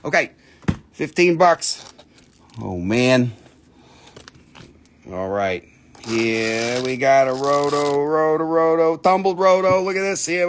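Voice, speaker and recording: Man, high voice, jokey live-sale host calling prices like an auctioneer. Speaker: host selling minerals on a live stream. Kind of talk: live sales stream patter.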